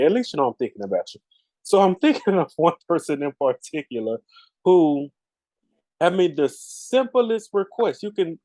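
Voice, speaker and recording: A man's voice: fairly high pitch, dry recording, low-quality recording. A man co-hosting a podcast, riffing in a casual, preachy way with vernacular speech. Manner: animated, preachy riffing with Southern Black vernacular. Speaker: podcast co-host. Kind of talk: casual chat.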